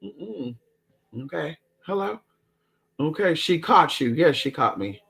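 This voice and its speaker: A man tells family stories in casual, profane, dramatic chat. His voice sits a touch high and bright. He keeps calling his listeners "girl" as he talks. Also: expressive, takes it slowly, vocal fry, husky. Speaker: storyteller.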